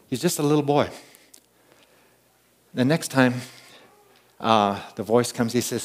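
A man preaching a conversational sermon. He moves between hushed asides and loud, emphatic calls, often adding an amen and repeating words as he tells stories. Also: medium pitch, a little slow, pauses often. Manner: repeats and restarts words while storytelling. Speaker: pastor.

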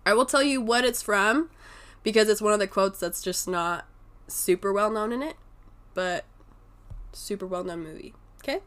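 A woman's voice: medium pitch, normal speed, long pauses, fairly bright tone. A woman co-hosting a podcast in casual chat, swearing freely and laughing as she acts out movie lines. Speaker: podcast co-host.

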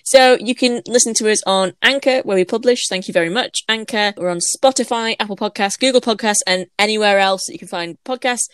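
A woman co-hosting a casual podcast, chatty and quick with asides, laughing easily. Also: mid-range voice, clear, resonant tone, no room sound, studio quality. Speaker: podcast co-host.

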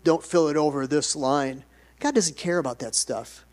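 A man's voice: a little high, moderate pace, a little mellow. A man pastor preaching a sermon, moving between conversational asides and bursts of emphatic delivery.

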